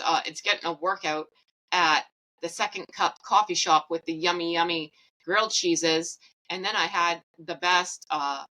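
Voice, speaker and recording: A woman's voice: lowish voice, pushed and bright, rough recording. A woman hosting a podcast, telling a personal story in a chatty, rambling, candid way. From Canada. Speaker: podcast host.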